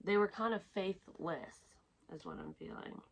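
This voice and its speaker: Psychic medium, woman, low-ish voice; casual, profane, rambling delivery. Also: huge pitch swings, normal speed, muffled recording, slight background noise. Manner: candid and profane, talks in a rambling flow. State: close to tears at times. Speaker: psychic medium giving a reading. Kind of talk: casual intuitive reading to camera.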